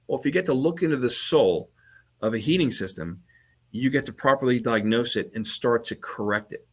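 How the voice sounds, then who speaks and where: A man, talking as a guest HVAC trainer in a casual podcast chat over a video call, rambling and restarting his sentences. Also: medium pitch. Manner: rambling, repeats words and restarts often.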